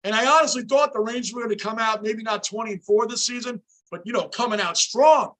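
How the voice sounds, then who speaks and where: A high-pitched, bright-voiced man hosting a fan livestream, his voice raw and hoarse from days of yelling. He reacts to the game with big emotion, shouting at the play and greeting chat viewers by name in loose, rambling talk. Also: fast. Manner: chats with viewers by name, off topic. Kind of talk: casual live reaction chat.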